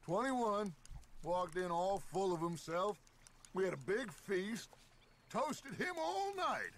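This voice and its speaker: An actor playing a charismatic male outlaw gang leader with a gravelly, theatrical way of talking. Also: sits high, big pitch swings, slow, a bit bright, heavily acted. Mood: reminiscing.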